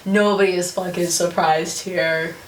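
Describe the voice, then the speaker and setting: A woman co-hosting a casual book podcast, recapping a plot with lively swearing and quick character voices. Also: on the low side, echoey room, recorded from a distance, a little hiss or hum. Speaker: podcast co-host.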